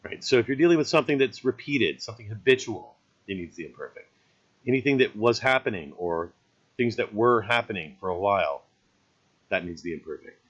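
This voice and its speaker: A man's voice: fairly low pitch, expressive, brisk, a bit bright, breathy edge, dull audio. A man teaching a recorded grammar lesson in an easygoing, explanatory way, often checking in with "right?".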